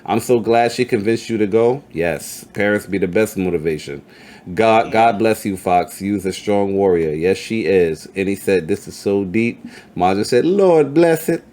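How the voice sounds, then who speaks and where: Male host, deep-ish, profane and hype, faint background noise. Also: animated, moderate pace, a little mellow. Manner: profane, hype, reads chat comments aloud. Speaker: podcast host. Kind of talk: casual interview chat.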